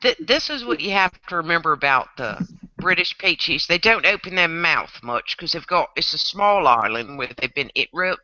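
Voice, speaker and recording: A woman's voice: sits low, lively intonation, normal speed, sharp tone, no echo. A woman with a Southern accent chatting casually with friends on an online call, telling jokey stories from her recliner at home. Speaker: chat panelist. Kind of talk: casual group chat. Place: lying in a recliner at home, lights off. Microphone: laptop. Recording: dull lo-fi online call audio.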